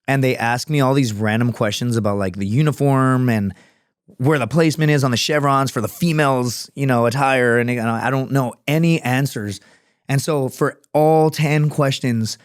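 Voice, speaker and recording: Man, thirties, rambling storyteller, swears a lot, mid pitch, dry close mic. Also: fairly even intonation, a little fast, smooth, dry recording. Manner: rambling, profane, jumps between stories. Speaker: podcast guest, former Marine scout sniper and comedian. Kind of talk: casual storytelling chat.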